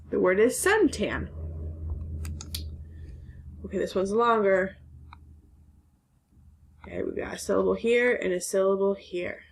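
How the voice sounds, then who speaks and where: A woman's voice: mid-range voice, lively intonation, a little slow, gravelly, pauses often, slight background noise. A woman teacher giving a recorded phonics lesson to second graders, sounding out letters and syllables carefully.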